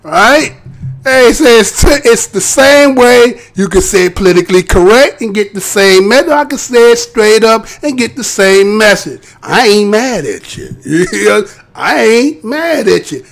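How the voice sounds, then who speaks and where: A man's voice: high voice, lively intonation, normal speed, a bit bright. A man hosting his own live show, talking to viewers in a rambling, profane, streetwise way and often tagging "right?" onto his points. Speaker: host of a live streamed show. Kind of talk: casual rant to a live chat.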